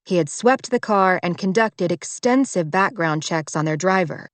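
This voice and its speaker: A woman narrating a romance audiobook in a measured, even way on a close microphone. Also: fairly low pitch, no echo. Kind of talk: scripted narration.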